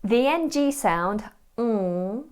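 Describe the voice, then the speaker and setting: Slow, measured woman tutorial voice. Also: fairly high pitch, expressive, darkish tone, clear, resonant tone. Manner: measured, explanatory. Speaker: accent tutorial teacher. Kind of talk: scripted tutorial narration.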